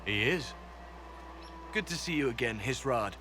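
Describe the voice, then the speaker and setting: An actor playing a calm, disciplined male soldier in a video game, speaking in a measured, matter-of-fact way. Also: medium pitch, faint music behind.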